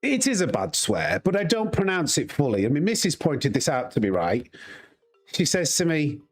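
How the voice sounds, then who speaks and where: A man's voice: a little high, very animated, normal speed, soft background music. A man with a Yorkshire accent, a sim racing streamer chatting casually and rambling to his live chat while he plays. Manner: chatty, rambling, laughs easily.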